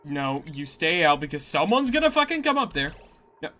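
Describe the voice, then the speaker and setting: A game streamer giving live gameplay commentary, swearing and yelling in exasperation at in-game characters. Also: medium pitch, big pitch swings, normal speed.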